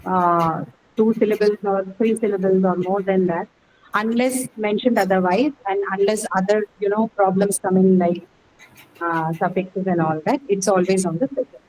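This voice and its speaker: Woman teacher, mid-pitched voice, patient step-by-step explaining, faint background noise. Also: fairly even intonation, moderate pace, a little mellow, rough recording. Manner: explains step by step, often checking with "okay?". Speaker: English teacher. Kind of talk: online class lecture.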